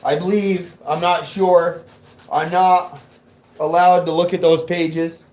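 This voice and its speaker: A man's voice: fairly high pitch, level tone, slow pace, darkish tone, poor audio. Fired-up, rambling man on a livestream. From New England. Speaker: car audio livestreamer. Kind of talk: casual livestream chat.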